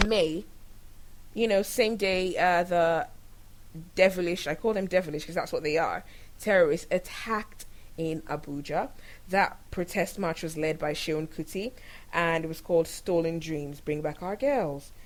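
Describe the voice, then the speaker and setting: A woman from Nigeria hosting her own show, giving candid, animated commentary on the news and laughing often as she talks. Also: on the low side, a little slow, low-quality recording. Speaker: show host. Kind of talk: opinionated commentary monologue.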